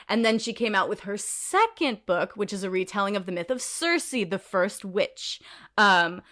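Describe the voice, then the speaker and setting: A woman co-hosting a podcast in casual chat, animated and ranty, swearing and laughing often. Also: mid-range voice. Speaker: podcast co-host.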